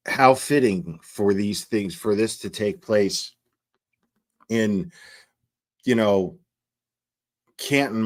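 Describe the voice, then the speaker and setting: A man hosting a live commentary stream, talking in a halting way with many fillers and restarts as he reads viewer messages. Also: fairly low pitch. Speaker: livestream host.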